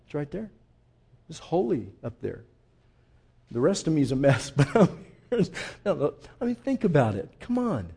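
A pastor delivers a sermon in a fairly high voice. He talks to the congregation like friends, calling them folks. He drops to hushed intensity, then rises to loud emphasis. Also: very animated, normal speed, creaky, pauses often, slightly rough. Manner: conversational preaching, addresses listeners as folks; shifts between quiet intensity and loud emphasis.

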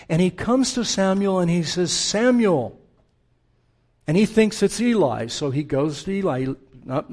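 A middle-aged man delivers a sermon in a fairly high voice. He preaches earnestly, letting his voice sink to a near hush when quoting tender words and climbing with force when he argues. The delivery swings between intimate and emphatic. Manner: earnest preaching with soft hushed quotes and forceful rises. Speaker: pastor.

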